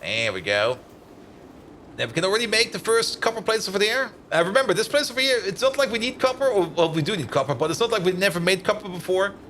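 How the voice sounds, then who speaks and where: A man with a high, expressive voice and a sharp tone talks at a quick pace while building in a game on stream. He rambles casually, thinks aloud, replies to chat, and fills his speech with "like" and "uh," over a little hiss or hum.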